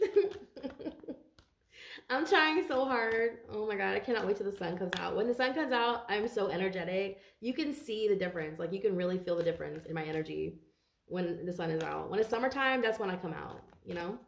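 A woman's voice: lowish voice, quick pace, gravelly, reverberant, a little hiss or hum. A tired woman doing a casual tarot reading for viewers, chatty and rambling and swearing freely. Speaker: tarot card reader.

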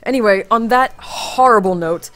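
A woman's voice: medium pitch, moderate pace, fairly bright tone. A young woman hosting a casual let's-play, talking sarcastically and swearing a lot, her voice tired and strained. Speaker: gaming channel host. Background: faint game music.

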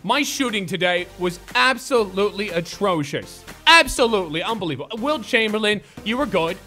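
A young man giving live commentary over a basketball video game, excitable and swearing as he plays. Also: high-pitched, moderate pace, over music. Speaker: gaming YouTuber.

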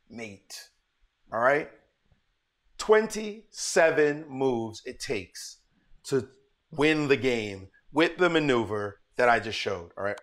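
A man giving a live-streamed chess lesson, telling stories and calling out to his viewers. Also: on the high side. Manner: animated, storytelling, calls to viewers. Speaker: chess teacher.

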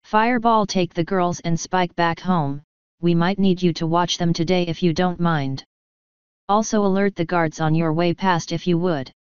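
A refined female unicorn pony gives brisk orders in a low, very smooth and clear voice, put on by a woman reading a story aloud. The recording is dull and lo-fi, with a dry, close sound. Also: steady tone, no echo, close to an everyday voice. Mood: commanding.

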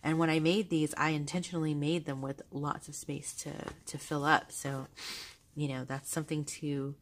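Woman, deep-toned, casual vlog chat, gushing, soft-spoken, camera held close. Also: little pitch movement, moderate pace, a little hiss or hum. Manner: gushing, soft-spoken, with frequent fillers and laughs. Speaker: vlogger showing a journal. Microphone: handheld camera held close.

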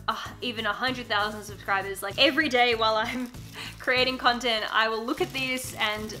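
A woman's voice: fairly high pitch, steady tone, normal speed, bright, forceful tone, faint music behind. A young woman YouTuber talking in a casual unboxing vlog, earnest and emotional, with frequent giggles. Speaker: beauty YouTuber.

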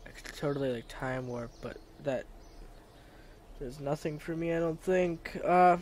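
Excitable guy narrating his gameplay. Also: fairly high pitch, a little slow, a little hiss or hum. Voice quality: voice cracks now and then. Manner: excitable, talks to himself while playing, bursts into cheers. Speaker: gaming video creator. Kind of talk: casual let's-play commentary.

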